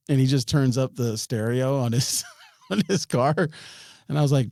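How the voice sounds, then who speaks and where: Mellow-voiced man telling a rambling story. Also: medium pitch, fast talker, no room sound, studio quality. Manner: rambling, frequent restarts and chuckles. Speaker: podcast guest. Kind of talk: storytelling in an interview.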